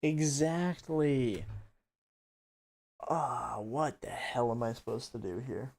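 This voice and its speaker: A man's voice: mid-range voice, slow, vocal fry, a little mellow. A man on a casual livestream, reading a text game aloud and typing commands, swearing now and then. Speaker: streamer.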